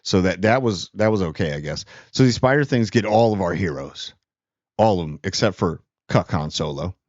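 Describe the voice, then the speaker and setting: A man's voice: low voice, lively intonation, moderate pace, a little mellow, no echo, muffled recording. A man giving a casual, rambling movie review, sarcastic and full of fillers.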